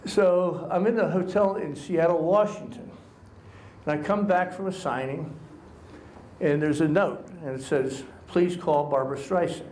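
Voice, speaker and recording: A man's voice: on the high side, unhurried, darkish tone, a little hiss or hum. A male author giving a talk to a live audience at a college, telling wry, self-mocking anecdotes. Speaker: author and guest speaker. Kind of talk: humorous storytelling talk to an audience. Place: college lecture hall with an audience. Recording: echoey hall sound.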